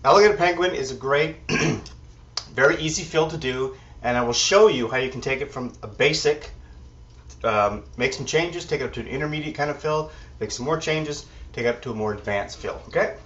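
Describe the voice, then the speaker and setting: Male drum instructor, easygoing, thinks out loud; dull, distant recording. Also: medium pitch, brisk, slight background noise. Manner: relaxed, counts beats aloud, thinks out loud. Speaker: drum teacher. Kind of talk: drum lesson with counting and demonstration. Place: drum kit room. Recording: distant mic, dull sound, loud drums. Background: drums and music.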